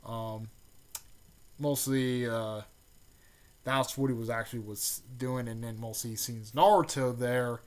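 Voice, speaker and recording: Here a man in a mid-range voice walks through a fan-made story without hurry, leaving long pauses. He rambles, restarts, and leans on fillers, perking up excitedly when the action hits.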